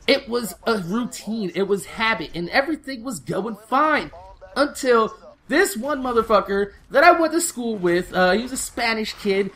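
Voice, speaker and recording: Profane, rambling high-voiced young man. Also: lively intonation, moderate pace, a bit bright. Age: late 20s. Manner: rambling, heavily profane, laid-back street slang. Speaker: gaming channel host. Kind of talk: storytelling over gameplay.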